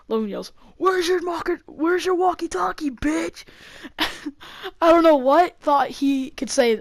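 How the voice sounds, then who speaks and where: A young woman with a fairly high voice tells a story in a rambling, casual way. She leans heavily on fillers and breaks into quick laughs. The sound is dry and close. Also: a little mellow, dry recording. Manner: rambling, filler-heavy, laughing between lines. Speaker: YouTuber.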